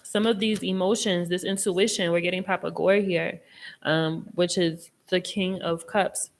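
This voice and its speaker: A young woman hosting a casual live tarot reading, chatty and expressive, with a reassuring tone and casual swearing. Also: fairly low pitch, unhurried. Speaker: tarot reader and live stream host.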